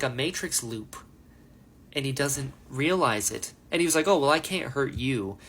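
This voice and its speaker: A man of middle pitch reacting to a book he just finished, talking casually in his own voice. He rambles and gets excited, and his talk is full of fillers. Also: slight background noise.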